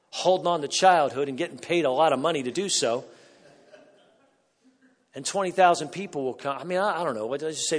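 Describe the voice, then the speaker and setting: A middle-aged man preaching a sermon as a pastor, swinging from quiet asides to loud, emphatic bursts. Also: medium pitch. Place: church sanctuary. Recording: long hall reverb.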